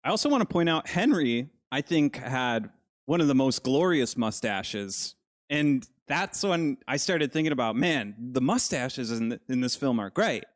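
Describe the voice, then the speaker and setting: A man's voice: mid-range voice, animated, unhurried. Jokey man podcast co-host. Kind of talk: casual film discussion.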